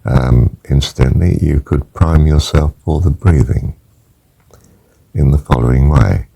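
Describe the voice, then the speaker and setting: An older man teaching a guided breathing meditation, counting breaths gently and softly, sometimes near a whisper. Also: very deep voice, measured pace, rough recording. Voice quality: gravelly, husky voice. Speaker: spiritual teacher.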